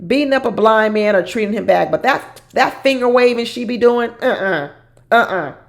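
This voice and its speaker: Gravelly woman recapping reality TV. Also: on the high side, moderate pace. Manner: animated, dramatic, laughs while talking. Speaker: reality TV commentator. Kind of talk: casual recap commentary.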